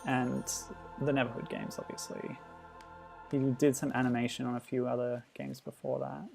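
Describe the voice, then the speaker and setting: A man streaming a game, chatting in a relaxed, amused way and answering chat comments. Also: medium pitch, moderate pace, creaky, faint music behind. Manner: chatty, amused, laughs often, reacts to the game. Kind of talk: casual gameplay commentary.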